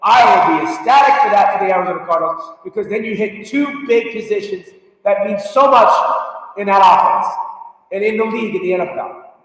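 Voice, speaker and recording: A male sports talk show host ranting emphatically and now and then shouting, reading viewer comments live. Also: high-pitched, brisk. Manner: emphatic, fired-up, shouts at times. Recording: echoey room from far off.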